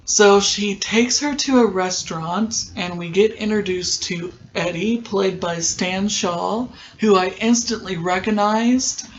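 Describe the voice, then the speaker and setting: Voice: mid-range voice, takes it slowly, hardly any pauses, lo-fi sound, slight background noise. A podcast host giving a casual, rambling recap of a TV episode, with many filler ums.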